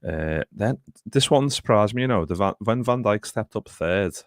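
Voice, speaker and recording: A man's voice: lowish voice, animated, moderate pace, dry recording. A man hosting a casual football podcast, rambling, swearing freely and talking to his live chat. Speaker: podcast host.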